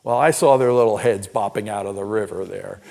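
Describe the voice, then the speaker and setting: An older man preaching a sermon as pastor, telling personal stories in an animated, emphatic way. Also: fairly low pitch, fairly quick, vocal fry. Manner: storytelling, animated and emphatic, laughs at own stories. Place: church.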